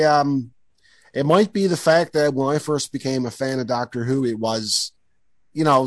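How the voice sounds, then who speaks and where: A man's voice: mid-range voice, dry recording. Man, podcast host, enthusiastic, rambling, dry close sound. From Canada. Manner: rambling, enthusiastic, with many fillers. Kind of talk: casual podcast chat.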